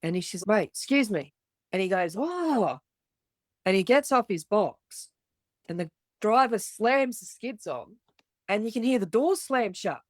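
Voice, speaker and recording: A woman's voice: medium pitch, expressive, moderate pace, no room sound. A middle-aged woman with an Australian accent, a podcast guest telling her story candidly and bluntly, swearing freely and acting out the voices of others.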